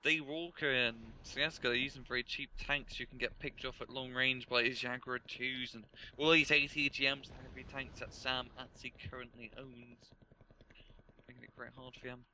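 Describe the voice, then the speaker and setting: A man's voice: mid-range voice, steady tone, normal speed, pushed and bright, a little hiss or hum, poor audio. A man commentating a strategy game match in a casual, laughing way. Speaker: game caster. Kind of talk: esports commentary.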